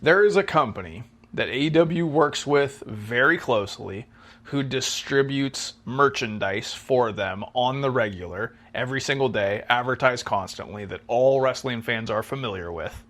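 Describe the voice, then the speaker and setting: A man's voice: medium pitch, normal speed, a bit bright. A young man co-hosting a casual podcast, who explains things at length and hedges with fillers. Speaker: podcast co-host.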